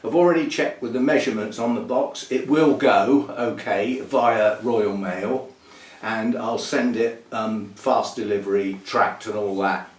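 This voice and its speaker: A man's voice: lowish voice, unhurried. A man, hosting a chatty orchid video, thinking aloud with little chuckles as he packs and repots plants. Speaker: orchid channel host. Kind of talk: casual chat while packing and repotting plants. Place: indoor room, working with plants. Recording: roomy, somewhat distant, faint noise.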